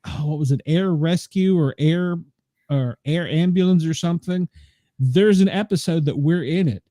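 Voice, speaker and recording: Laid-back man from the US South, warm tone. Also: on the high side, moderate pace, no room sound. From Southern United States. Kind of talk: casual storytelling.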